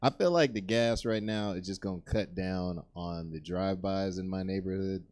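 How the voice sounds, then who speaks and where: A man doing stand-up comedy in a laid-back, rambling way, with many pauses and "uh"s. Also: low-pitched, a little mellow.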